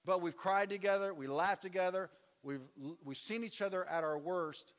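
Male pastor, high voice, sermon with call-and-response, long hall reverb. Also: moderate pace. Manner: preaching with audience call-and-response and sweeping shifts in volume.

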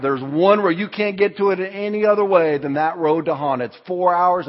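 A man, a pastor preaching a sermon with emphatic delivery and sudden loud shouted lines. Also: high-pitched, a little fast, hardly any pauses. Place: large church hall. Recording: dull audio with long hall reverb.

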